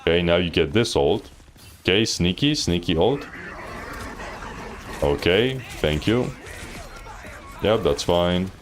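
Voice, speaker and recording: A man with a notably deep, low-pitched voice talks through a viewer's match like a livestream coach. He keeps it loose and slangy and often breaks into teasing laughter. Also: expressive, slow, long pauses, soft background music. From Thailand. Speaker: game coach reviewing gameplay. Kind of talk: casual livestream coaching commentary.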